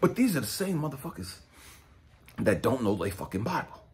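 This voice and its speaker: A man preaching a blunt, profane street-style sermon, dropping to low mutters and rising to shouts. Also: sing-song, a little fast, slight background noise. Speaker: spiritual coach and speaker.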